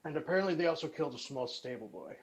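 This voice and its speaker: A man's voice: a little high, expressive, racing, poor audio. A man speaking as his character in a tabletop game, casual and a bit hesitant. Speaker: player. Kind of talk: in-character tabletop role-play.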